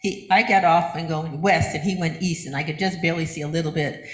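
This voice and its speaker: An older woman minister giving a chatty, animated sermon, often laughing and acting out what other people say. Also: low voice, fairly quick. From United States. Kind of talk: conversational sermon. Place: church sanctuary. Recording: roomy church echo.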